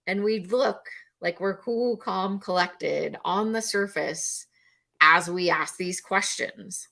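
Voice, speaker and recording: A woman's voice: mid-range voice, slow, creaky, sharp tone. A middle-aged woman teaching as a mental health educator, earnest and repetitive, now and then acting out a panicked voice. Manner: earnest, repeats key phrases, acts out panicked voices. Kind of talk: instructional talk to camera.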